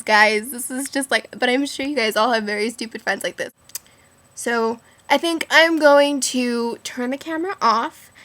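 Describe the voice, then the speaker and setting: A woman's voice: fairly high pitch, fairly bright tone. A teenage girl telling rambling stories in a casual vlog, giggling often and filling her talk with "like". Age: teens. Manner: giggly, rambling, many "like" fillers. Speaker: vlogger.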